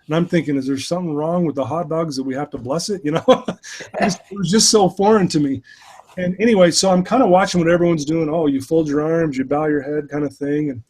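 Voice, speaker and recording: A middle-aged man, a life coach, telling his story as an interview guest in a lively, casual way full of "you know" fillers. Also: a little high, fairly quick.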